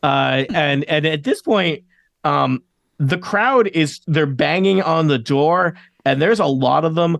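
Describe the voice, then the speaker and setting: A man narrating as game master in a relaxed, chuckling, loosely improvised way. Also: fairly high pitch, slow, gravelly, no room sound.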